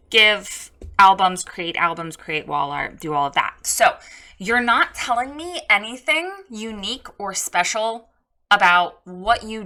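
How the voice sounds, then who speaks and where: Woman, bright clear voice, frank website critique, direct teaching tone. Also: medium pitch. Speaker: website reviewer coaching a photographer. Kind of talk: casual spoken critique.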